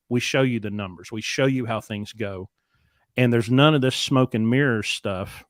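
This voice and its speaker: A man's voice: mid-range voice, dry recording, clean studio sound. A man in his forties telling stories in a candid, self-deprecating and reflective way, now and then swearing, as a podcast co-host. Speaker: podcast co-host, trucking company. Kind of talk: casual conversational storytelling.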